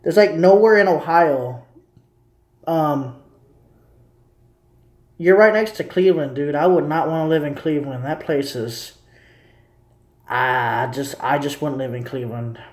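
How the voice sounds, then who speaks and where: A man's voice: a little high, unhurried, pauses often. Rambling man, echoey room. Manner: rambling, repetitive, talking to viewers. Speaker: streamer. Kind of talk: casual live commentary.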